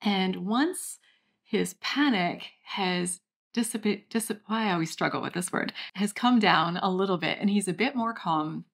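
A young woman hosting a channel, calmly and gently guiding listeners through a step-by-step brain training exercise. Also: medium pitch. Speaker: channel host, recovery coach. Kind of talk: guided exercise instruction.

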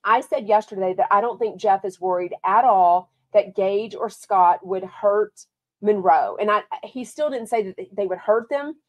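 A woman from Texas with a Texan accent, hosting her podcast in a relaxed, chatty way. Her voice sits at an ordinary middle pitch, and she talks lively and casually, as if catching up with friends. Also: moderate pace. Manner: chatty, lively, reads viewer comments aloud. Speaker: podcast host. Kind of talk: casual chat.

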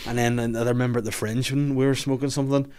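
A man's voice: medium pitch, level tone, fast talker, darkish tone, clear, resonant tone. A young man telling a swearing, laughing anecdote in casual podcast chat. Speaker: podcast guest.

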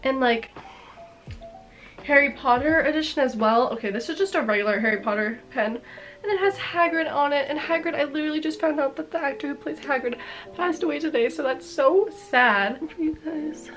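A woman's voice: high-pitched, fairly quick, a bit bright, faint music behind. Bubbly young woman with a cold. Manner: bubbly and gushing, lots of "like" and "are you kidding me". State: congested with a cold. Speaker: vlogger. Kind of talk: casual haul vlog.

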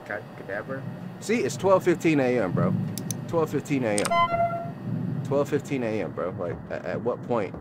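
In a let's-play of a horror game, a gaming host with a mid-range voice speaks unhurriedly, his pitch swinging hugely. Heavy background noise and loud game music fill the recording as he rambles nervously, repeating himself, addressing viewers as bro and y'all, scared and sweating.

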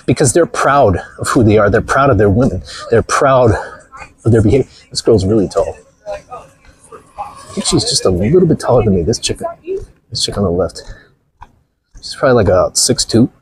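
A man's voice: medium pitch, animated, moderate pace, long pauses, husky, dry recording. A man vlogging outdoors with a phone camera, blunt and mocking, rambling through stories as he walks. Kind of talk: casual walking vlog talk.

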